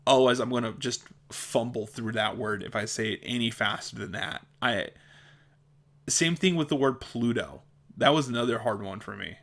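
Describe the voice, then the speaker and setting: This vlogger has a mid-range voice that's gravelly, pushed, and bright. Chatting to camera in a self-deprecating way, he frequently trips over words, repeats them, and laughs at his mistakes.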